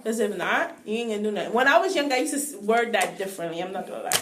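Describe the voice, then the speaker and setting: A woman co-hosting a podcast in casual chat, talking in a relaxed, slangy way that trails off softly. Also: mid-range voice, very fast, background noise. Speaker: podcast co-host.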